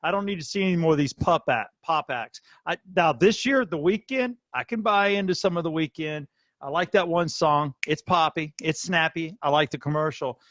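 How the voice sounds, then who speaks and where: A man's voice: on the high side, normal speed, fairly bright tone, dry recording, muffled recording. A man hosting a podcast, chatting casually and rambling through his opinions. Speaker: podcast host. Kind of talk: casual chat.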